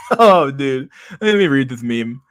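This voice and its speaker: Dude streaming, reading comments, stammers and rambles, dry close sound. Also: male voice, medium pitch, expressive, slow pace, a bit bright, no echo. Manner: rambling, stammering, laughs a lot.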